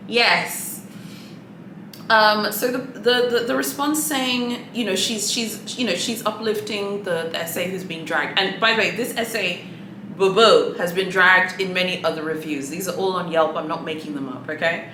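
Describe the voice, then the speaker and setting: A woman's voice: mid-range voice, normal speed, sharp tone, roomy sound, slight background noise, low-quality recording. A woman vlogger giving sassy, chatty commentary and calling people "honey" and "boo-boo". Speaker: luxury handbag vlogger. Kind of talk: casual opinionated commentary.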